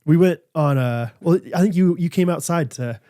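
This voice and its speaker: Thirties guy rambling on a podcast mic, mellow tone, kinda high voice. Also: moderate pace, no echo, studio quality. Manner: rambling, animated storytelling with fillers. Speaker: podcast co-host. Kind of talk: casual chat with ad reads.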